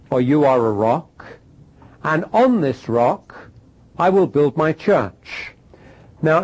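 A man with a somewhat high, husky voice teaches from the Bible in a sermon style. He reads passages aloud and drives his points home with repeated rhetorical questions. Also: darkish tone, rough recording.

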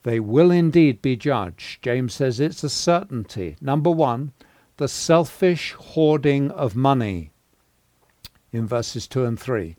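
A man giving a sermon, teaching through a Bible passage in a measured way with pauses and fillers, rising to emphasis on key words. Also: mid-range voice, animated, warm tone, no echo. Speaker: preacher teaching on a Bible letter.

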